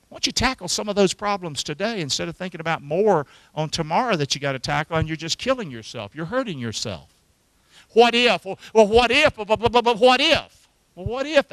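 A male pastor preaching a sermon, calling on the congregation to repeat after him and swinging between loud emphasis and hushed lines. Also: high-pitched, no room sound, poor audio. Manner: calls for congregation responses, animated preaching.

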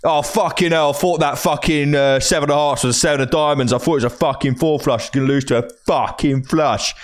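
A man voicing a loud, abrasive, cocky male poker organizer, who swears a lot and talks over people. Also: fairly high pitch, fairly even intonation, fairly quick, soft background music, pitched above the performer's own voice, close to an everyday voice. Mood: frustrated.

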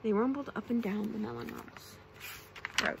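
A woman's voice: on the high side, moderate pace, vocal fry, slight background noise, poor audio. Woman reading bedtime stories, whispered role-play. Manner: soft, often whispered reading with playful character voices. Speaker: ASMR storyteller.

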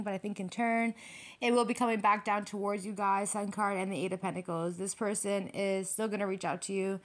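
A woman giving a casual tarot reading to camera, blunt and profane, repeating phrases for emphasis. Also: medium pitch. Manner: breaks into laughter. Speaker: tarot reader.

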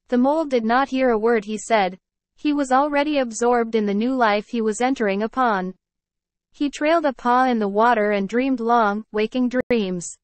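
Woman, teacher reading aloud, explains words to children, higher voice, dry close sound. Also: moderate pace, no echo. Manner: clear, explaining, addresses children. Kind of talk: read-aloud lesson with word explanations.

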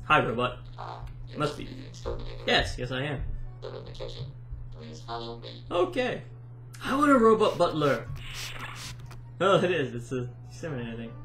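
A man giving casual let's-play commentary, excitable and easily amused. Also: on the high side, moderate pace, pauses often. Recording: roomy echo with game music behind.

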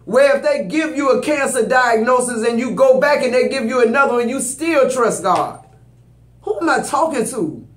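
A man's voice: very high voice, lively intonation, moderate pace, a bit bright. Guy doing a tarot reading, preachy and emphatic, aave, echoey room. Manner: preachy, emphatic, addresses viewers directly. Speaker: tarot reader. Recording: roomy echo.

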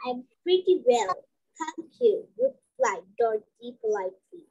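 A young reader reading a storybook aloud slowly and carefully, with restarts and repeated words. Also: female voice, sits high, sing-song, dark tone, husky, highs cut off. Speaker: student reader.

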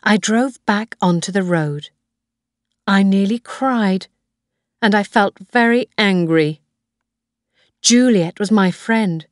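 A woman narrating a graded reader story in a slow, clear, careful way. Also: mid-range voice, no room sound, clean studio sound. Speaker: audiobook narrator.

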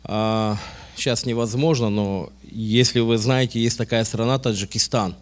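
A man from Tajikistan giving an earnest, measured testimony at a church service. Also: mid-range voice, steady tone. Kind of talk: formal testimony.

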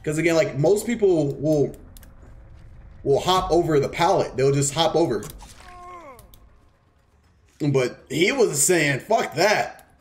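A man commentating his own gameplay in a loose, profane way, breaking off to explain tactics and taunt opponents. His voice sits a bit high for a man and swings widely in pitch. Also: animated, slow pace, long pauses, darkish tone. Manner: casual, swears and teases players on screen; explains strategy while playing. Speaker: game streamer.

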